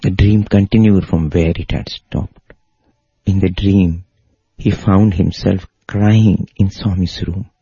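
Man, devotional storytelling, earnest, husky tone, dull dry lo-fi recording. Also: deep voice, steady tone, a little slow, mellow, dry recording. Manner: earnest, rising to emotional intensity in retold pleas.

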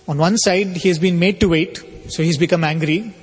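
A man giving a spiritual talk, telling a story in a measured, explanatory way. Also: high-pitched, steady tone, breathy edge, soft background music. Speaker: spiritual speaker. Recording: long reverb of a hall.

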